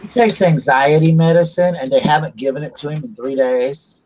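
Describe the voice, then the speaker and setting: A man's voice: fairly high pitch, moderate pace, a little mellow, slight background noise, poor audio. A middle-aged man hosting a casual live stream, telling long rambling stories with restarts and asides. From South Carolina, US. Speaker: livestream host. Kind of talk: casual chat.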